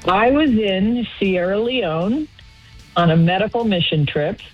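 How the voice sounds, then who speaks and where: A woman guest telling lively stories in a casual radio interview, laughing now and then. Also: mid-range voice, unhurried, lo-fi sound, faint music behind. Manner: animated storytelling, with laughs. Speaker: guest actress.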